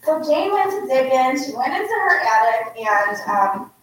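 Speaking at normal speed in a high-pitched voice, a woman author from the United States shares an unplanned, heartfelt personal story with a live crowd. She is earnest and animated as a guest speaker. The room echoes, the mic is distant, and there's slight background noise.

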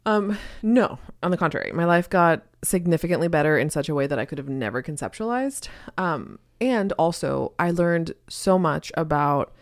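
A woman's voice: low voice, lively intonation, moderate pace, hardly any pauses, dry recording, clean studio sound. A woman co-hosting a podcast, a new mother, talking candidly and animatedly in casual chat. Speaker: podcast co-host.

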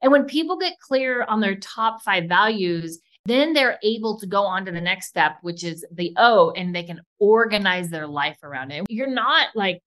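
A woman co-hosting a podcast, talking fast and enthusiastically in a casual chat. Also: medium pitch, animated, fairly bright tone. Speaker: podcast co-host.

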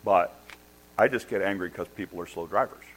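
Animated storytelling pastor, man. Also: low-pitched, fairly quick, low-quality recording. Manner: animated, self-deprecating humor; restarts and repeats words when excited. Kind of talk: storytelling sermon.

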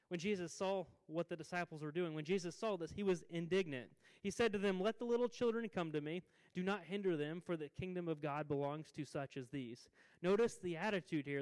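Male pastor, thirties, relaxed conversational sermon with restarts, slightly higher voice, lingering hall reverb. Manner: conversational, self-deprecating, frequent restarts. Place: church sanctuary.

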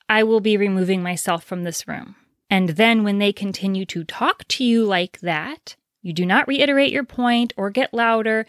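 A woman's voice: medium pitch, no echo, clean studio sound. A woman hosting a solo advice podcast, explaining her points directly and asking rhetorical questions. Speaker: podcast host.

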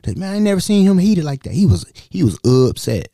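A man spins a casual podcast story in a lively, up-and-down voice that switches into the people he quotes. His tone is dark and mellow, and the recording is dry and close. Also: high-pitched, fast talker, creaky, no room sound. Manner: animated, slangy, acts out the people he quotes. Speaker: podcast host.

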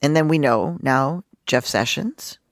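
Fifties woman from Mexico, journalist guest, expressive and lively, dry close recording. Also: deep voice, measured pace, no echo. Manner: animated, expressive, acts out quotes. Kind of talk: personal storytelling in an interview.

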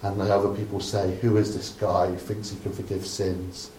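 A man's voice: low-pitched, flat delivery, moderate pace, a little hiss or hum. A man from Dorset, preaching a sermon by retelling a story in a chatty way with humorous asides. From Dorset, England. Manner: conversational storytelling, humorous asides, softening to a hush at the close. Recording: echoey room.

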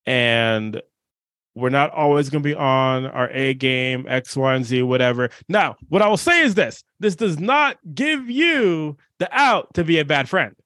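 A man's voice: fairly high pitch, lively intonation, measured pace, pushed and bright, dry recording. Earnest man telling a personal story. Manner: earnest, reflective, conversational. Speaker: podcast host.

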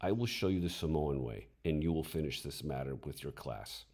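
A man's voice: very deep voice, expressive, normal speed, darkish tone, exaggerated voice. A man voicing a light-hearted male Samoan teacher who is smug and commanding, moving between sweet, near-whispered remarks and barked orders. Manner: sweet, nearly whispered, then roaring orders.

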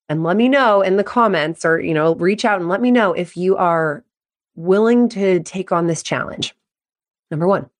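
Chatty, direct woman coach. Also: mid-range voice. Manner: direct, chatty, addresses parents. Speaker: mental performance coach. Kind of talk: podcast monologue.

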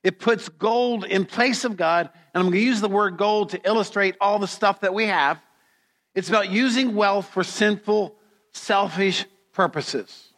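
Slow-preaching pastor, bright voice, reverberant hall. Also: male voice, high voice. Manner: slow, deliberate preaching with dramatic storytelling. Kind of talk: sermon.

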